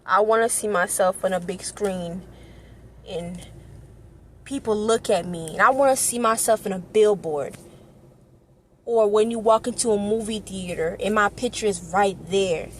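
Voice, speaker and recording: Earnest and passionate, at times tearful, a young woman vlogs about something personal and emotional, repeating herself often. She speaks at a measured pace in a medium-pitched voice, with a little hiss or hum in the audio.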